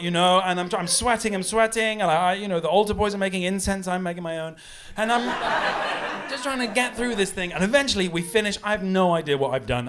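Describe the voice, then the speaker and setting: A man doing a rambling stand-up comedy set, animated and giggling at his own jokes. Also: high voice. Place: pub comedy room with live audience. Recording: live audience laughter and applause.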